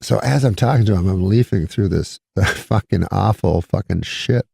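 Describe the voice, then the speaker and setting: Comic storyteller, man, husky low voice, laughs through his anecdote. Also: normal speed, darkish tone, dry recording, clean studio sound. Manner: acts out quoted voices, laughs mid-story. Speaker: comedian telling a story. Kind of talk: casual storytelling.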